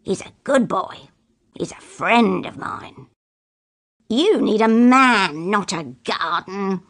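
A woman's voice: mid-range voice, very animated, takes it slowly, exaggerated voice. A woman reading a bitter, bullying drunken father. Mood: shouting. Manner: shouting, scornful and bitter. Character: angry drunken bullying father, older man.

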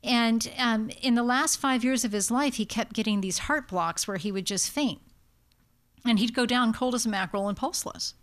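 A woman's voice: fairly high pitch, moderate pace. A woman palliative care doctor with an American accent, giving an informal talk and telling stories that act out what families say. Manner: lively, anecdotal, acts out quotes.

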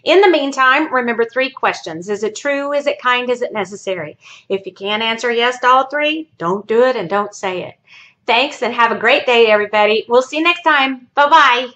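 A woman therapist gives an educational talk straight to her viewers. Her voice sits a little high and sounds bright and forceful. She explains by telling a story. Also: normal speed, dull audio. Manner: storytelling, friendly sign-offs. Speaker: family therapist.

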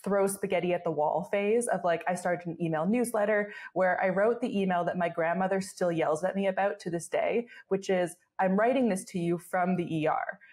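A woman's voice: fairly low pitch, darkish tone. A young woman in her twenties, a podcast guest telling stories in casual chat, filler-heavy and laughing often. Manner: fast storytelling with many fillers and laughs. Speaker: guest, travel blogger.

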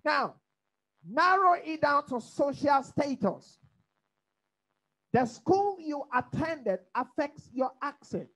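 A woman teaching a Bible study in preaching style, lively and humorous, asking the listeners to fill in her words. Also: sits high, slow, long pauses, poor audio. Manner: rhetorical call-and-response questions; lively, humorous, mimics accents.

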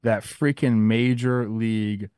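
A man's voice: lowish voice, fairly even intonation, slow, darkish tone, clean tone, dry recording. Chatty man on a dry studio mic. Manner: rambling storyteller, loose and chatty. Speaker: podcast co-host and youth baseball coach. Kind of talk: casual sports podcast chat.

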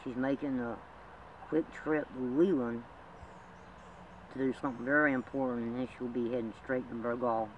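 A man's voice: mid-range voice, fairly even intonation, moderate pace, phone-quality sound. Rambling, emotional man heard from a distance. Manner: rambling, emotional, with many laughs. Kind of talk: homemade drama. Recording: distant mic with loud background noise.

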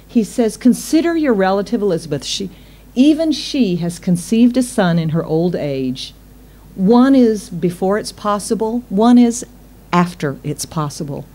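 Woman preaching with laughing asides. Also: fairly low pitch. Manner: warm, laughing asides, acts out quotes. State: tired. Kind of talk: sermon.

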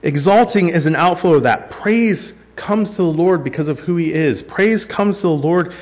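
A man's voice: a little high, normal speed, a little mellow. A man in his thirties preaching a sermon, mixing scripture with a self-deprecating family story. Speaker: pastor.

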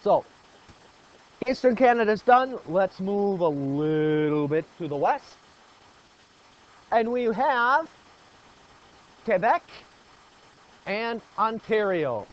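A male teacher with a rather high voice runs a classroom lesson. He keeps quizzing the students and repeats the key points. The recording is muffled and lo-fi. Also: sing-song, slow pace, long pauses. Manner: asks the class questions and praises answers.

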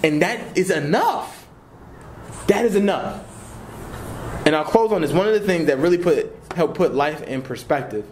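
A young man in his twenties teaching a church class, conversational and animated, slipping into casual slang. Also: medium pitch, a little hiss or hum. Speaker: Bible teacher.

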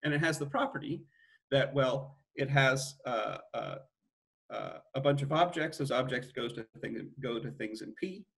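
A man's voice: medium pitch, animated, moderate pace, creaky, fairly bright tone. A middle-aged man giving an academic mathematics lecture, thinking aloud with frequent restarts and self-corrections.

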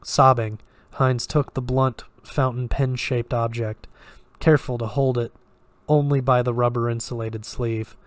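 A man reads a horror story aloud in a measured, steady way, now and then tripping over a word. His voice sits at an ordinary male pitch and stays flat. The recording is close and dry, with no room sound. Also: dry recording. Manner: measured and steady, with occasional slips. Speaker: story reader.

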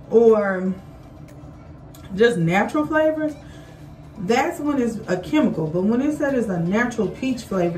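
A woman, chatting casually to camera in a vlog, a bit out of breath, with lots of fillers and animated quoted voices. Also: mid-range voice, recorded from a distance, low-quality recording. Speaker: vlogger. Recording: voice a little off-mic, faint music.

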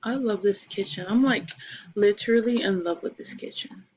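A young woman chatting excitedly to her viewers while playing a life-sim game, full of ums and gasps. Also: mid-range voice, normal speed, a little hiss or hum, rough recording. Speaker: gaming channel host. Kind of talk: casual gameplay commentary. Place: bedroom at home, TV in another room.

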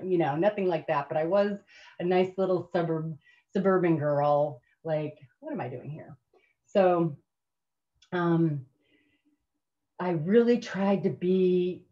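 A woman's voice: lowish voice, a little mellow. Woman telling a story over a video call. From suburbs of Detroit, USA. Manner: conversational, self-deprecating, many restarts and fillers. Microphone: video call mic. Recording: dull lo-fi video call audio.

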